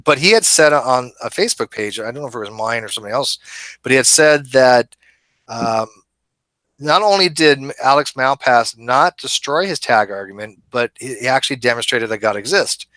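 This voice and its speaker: A man's voice: medium pitch, animated, moderate pace, pushed and bright, no echo. A man hosting a debate channel in casual chat, talking conversationally with many fillers.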